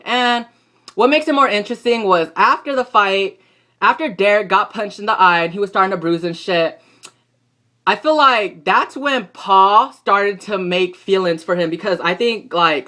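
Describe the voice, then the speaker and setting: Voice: mid-range voice, bright, forceful tone. A young adult recapping a soap opera episode in a casual vlog, talking in a gossipy, slangy and profane way. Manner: gossipy, profane and slangy, talks back at the characters.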